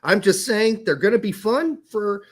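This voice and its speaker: A man's voice: high-pitched, expressive, moderate pace. A male podcast host in casual chat, joking and rambling with plenty of swearing.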